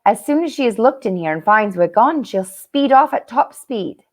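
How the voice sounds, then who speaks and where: A woman's voice: on the high side, animated, moderate pace, voice pushed up. A woman voicing an anxious young girl in a storybook reading, speaking in an urgent, pleading way.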